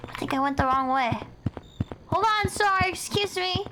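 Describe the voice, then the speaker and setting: A young woman streaming horror games live, talking excitably and profanely and shrieking at the scares. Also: very high voice, normal speed, noisy background. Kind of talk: live gameplay commentary.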